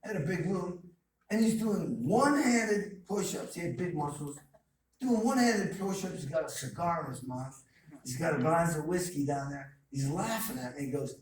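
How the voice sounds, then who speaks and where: A man's voice: fairly high pitch, animated, moderate pace. A man giving an emphatic motivational talk full of stories and repeated phrases, as a guest speaker at a college. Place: college lecture hall. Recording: distant, echoey hall with faint noise.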